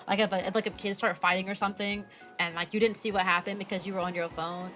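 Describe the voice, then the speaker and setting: A woman's voice: mid-range voice, quick pace, over music. A young woman streaming casually as a VTuber, talking energetically and playfully and breaking into silly voices and barks. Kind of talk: casual livestream chat.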